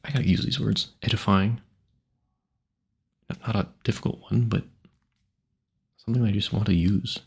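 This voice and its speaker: A man's voice: lowish voice, steady tone, moderate pace, vocal fry, pauses often, husky. A man rambling casually at a home mic, musing aloud and stumbling over hard words he sounds out. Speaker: audio creator.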